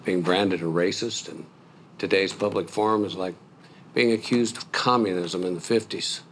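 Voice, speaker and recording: An actor playing a stern male police superintendent who lectures in a measured way. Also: low-pitched, steady tone, fairly bright tone, a little hiss or hum. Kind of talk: film dialogue.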